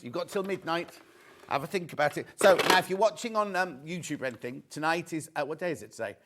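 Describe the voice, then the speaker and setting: A man's voice: a little high, a bit bright. Chatty male shopping channel presenter. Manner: chatty, jokey, pushes deals, reads viewer messages. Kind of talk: live sales presentation. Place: TV studio.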